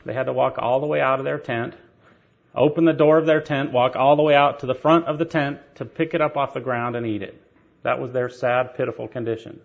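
A man's voice: medium pitch, gravelly. A man preaching a sermon, telling stories with rhetorical questions and light laughter. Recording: dull lo-fi sermon recording.

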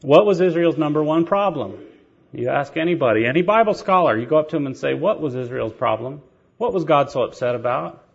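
A man's voice: fairly high pitch, lively intonation, fairly quick, creaky, breathy edge. A man preaching a sermon, telling stories with rhetorical questions and light laughter. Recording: dull lo-fi sermon recording.

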